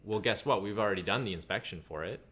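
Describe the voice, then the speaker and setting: A man's voice: on the low side, fast, a bit bright. A man co-hosting a casual livestream chat, plain-spoken with sarcastic asides. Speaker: co-host.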